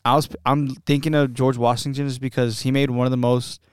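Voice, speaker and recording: A man's voice: mid-range voice, little pitch movement, brisk, clear, resonant tone, no echo, studio quality. A young man co-hosting a podcast, chatting casually and often searching for his words. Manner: hesitant, restarts and searches for words. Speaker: podcast co-host. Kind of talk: casual chat.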